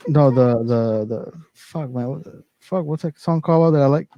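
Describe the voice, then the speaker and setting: A man's voice: mid-range voice, moderate pace, muffled recording, a little hiss or hum. A man hosting a casual chat, loose and profane, trailing off as he hunts for names. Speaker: podcast host.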